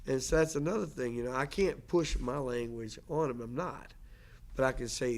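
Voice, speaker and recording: In a mid-range voice with fairly even intonation and a moderate pace, a man who teaches language fields questions during a casual lecture. He's earnest and prone to restarts and repetition.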